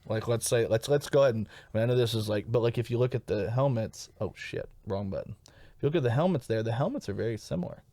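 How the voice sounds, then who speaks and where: A man's voice: mid-range voice, fast talker, warm tone, no echo. A man co-hosting a comedy podcast in casual, rambling chat, swearing freely and laughing often. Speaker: podcast co-host.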